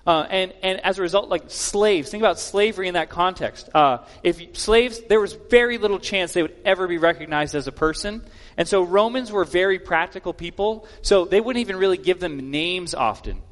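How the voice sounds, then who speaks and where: A man's voice: high voice, moderate pace, a bit bright. A male pastor giving a sermon in a plainspoken, conversational way with casual asides. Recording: long hall reverb.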